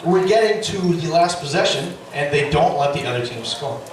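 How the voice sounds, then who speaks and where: A middle-aged man doing stand-up storytelling, animated and profane, with loud yelling bursts. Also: fairly high pitch, moderate pace, a little hiss or hum. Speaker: stand-up comedian. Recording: echoey club, distant mic, audience. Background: audience laughter.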